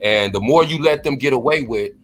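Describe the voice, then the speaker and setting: A man's voice: mid-range voice, fairly quick, soft background music. Man co-host, blunt and profane, speaking in a mid-range voice. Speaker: commentator. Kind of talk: casual commentary.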